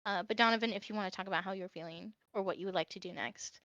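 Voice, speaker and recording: A woman narrating a tabletop game as game master. She talks casually and fills her pauses with "um" and "uh". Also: mid-range voice, a bit bright, dry recording, dull audio. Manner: casual, with many fillers like "um" and "uh".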